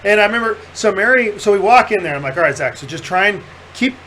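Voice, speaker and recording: A man hosting a podcast, telling a story in casual chat, animated and profane, often laughing as he talks. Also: sits high, fast, slight background noise, poor audio. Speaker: podcast host.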